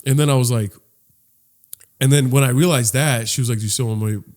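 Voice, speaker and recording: Speaking fairly quickly in a mid-range voice, a young male podcast co-host shares a funny childhood tale. He chats casually and animatedly, voicing the people in his story.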